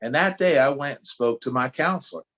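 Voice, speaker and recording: A man's voice: mid-range voice, brisk, muffled recording. Chatty New man telling stories. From New Jersey. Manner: animated, chatty, stumbling restarts. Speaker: podcast guest, anti-drug speaker. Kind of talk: casual storytelling.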